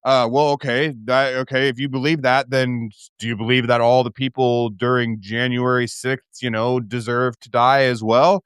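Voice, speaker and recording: Smooth-voiced man ranting on a live stream. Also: medium pitch, moderate pace, hardly any pauses, a bit bright, no room sound, clean studio sound. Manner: heated, profane ranting with many restarts. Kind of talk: casual live-stream rant.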